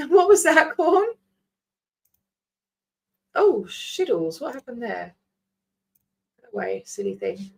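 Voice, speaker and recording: A woman's voice: sits high, very animated, slow, gravelly, pauses often, a little mellow, breathy edge. A woman, rambling casually as she signs off her livestream, swearing freely. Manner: chatty, scattered, swears freely. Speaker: vlogger host.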